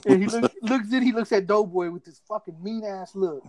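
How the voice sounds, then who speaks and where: A man's voice: high voice, a little fast, mellow, dry recording, low-quality recording. A man casually telling a rowdy story to friends, laughing often and acting out what others said. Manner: laughs through his story, acts out friends' lines.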